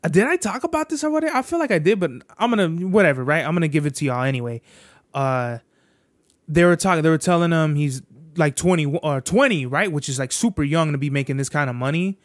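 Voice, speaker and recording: A man's voice: fairly high pitch, lively intonation, quick pace, no room sound, studio quality. A man hosting a podcast in a casual, rambling monologue, full of slang and swearing. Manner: profane, slangy, rambling storyteller. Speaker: podcast host.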